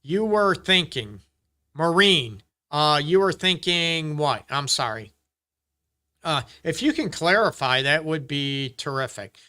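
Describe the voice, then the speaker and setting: Earnest bright-voiced male counselor. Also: on the high side, lively intonation, takes it slowly. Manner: earnest, repetitive, acts out quoted dialogue. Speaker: relationship counselor answering viewer questions. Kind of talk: casual live Q&A advice talk.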